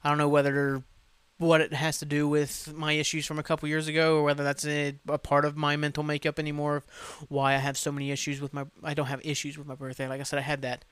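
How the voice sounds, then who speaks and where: A man in his thirties hosting a solo podcast, ranting casually with heavy swearing and animated asides. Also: fairly high pitch, fast talker, clean tone, no echo. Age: 30s. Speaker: podcast host.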